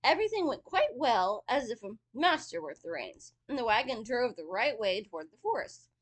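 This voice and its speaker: Female storyteller, casual read-aloud with chatty asides, animated delivery. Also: fairly high pitch, fairly quick. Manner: chatty asides between reading.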